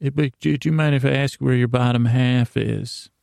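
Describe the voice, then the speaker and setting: A man's voice: mid-range voice, steady tone, moderate pace, creaky, a little mellow, no room sound, studio quality. A man voicing a hesitant, polite middle-aged man, told within a spoken story.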